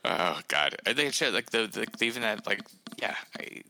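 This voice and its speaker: A man's voice: lowish voice, lively intonation, moderate pace, gravelly, pushed and bright, slight background noise. A man, an author on a podcast, chatting casually in a rambling way with many fillers and restarts. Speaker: author guest.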